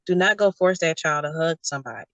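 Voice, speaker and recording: A young adult woman, a guest talking casually and telling animated stories, often acting out what others said. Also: sits low, quick pace, no echo, dull audio. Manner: animated storytelling, quotes others in character. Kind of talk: casual conversation.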